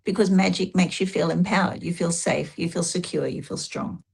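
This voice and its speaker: A woman's voice: fairly low pitch, fairly even intonation, moderate pace, creaky, breathy edge. A woman interviewed as a guest, talking casually and giving emphatic, anecdotal advice.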